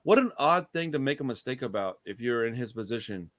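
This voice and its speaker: A man talking casually about a movie. He is animated, swears freely and laughs often. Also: medium pitch, brisk. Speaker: podcast co-host.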